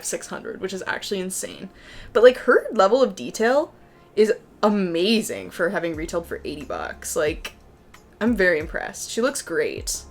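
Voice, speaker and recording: A young woman chatting excitedly at home as she unboxes collectible figures, with lots of "like" in her talk. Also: medium pitch. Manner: excitable and chatty, heavy use of "like". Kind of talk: casual unboxing chat. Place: home room with a PC.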